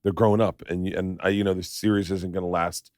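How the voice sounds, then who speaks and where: Middle-aged guy hosting a podcast, lowish voice, bouncy storytelling, does the voices, dry close sound. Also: fast, dry recording. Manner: animated, acts out quoted voices. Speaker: podcast host. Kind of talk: casual storytelling chat.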